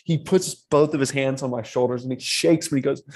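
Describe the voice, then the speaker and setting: A man in his twenties co-hosting a podcast, telling a story in casual chat, lively and often laughing. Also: mid-range voice, brisk. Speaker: podcast co-host.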